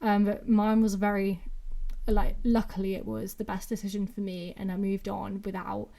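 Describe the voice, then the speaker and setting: Her voice is medium-pitched, creaky and warm, with a flat delivery at a moderate pace. She's a twenty-something English podcast host with a Brummie-Mancunian accent, rambling through casual solo chat and leaning constantly on "like."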